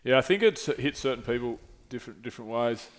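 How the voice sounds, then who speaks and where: Male host, casual storyteller, swears a lot, mid pitch. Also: lively intonation, quick pace. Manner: swearing, drops to a low mutter for emphasis. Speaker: podcast host.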